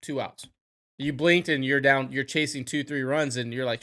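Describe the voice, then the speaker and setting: A man's voice: medium pitch, fairly even intonation, moderate pace, a bit bright. A man co-hosting a casual sports podcast, talking animatedly and swearing freely, trailing off and restarting his sentences. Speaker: podcast co-host.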